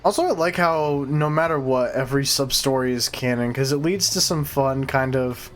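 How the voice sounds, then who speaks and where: A man's voice: mid-range voice, moderate pace, soft background music. A man live-streaming a video game, casually thinking aloud as he plays. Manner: relaxed, thinking aloud while playing.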